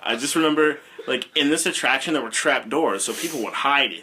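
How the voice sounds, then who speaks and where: A man co-hosting a podcast in casual chat, animated and joking, and swearing offhand. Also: medium pitch, brisk, slight background noise. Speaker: podcast co-host.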